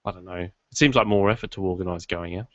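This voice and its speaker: A man's voice: low-pitched, fast talker, a bit bright, dry recording. A man hosting a podcast from his garage, chatting casually in a rambling, self-deprecating way. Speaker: podcast host. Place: home studio in his garage. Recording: dull lo-fi dry sound.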